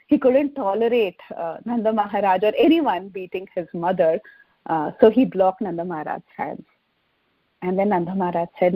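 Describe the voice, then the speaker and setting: A woman telling a devotional story in a gentle, unhurried way, with frequent fillers. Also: mid-range voice, no echo. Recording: dull dry recording.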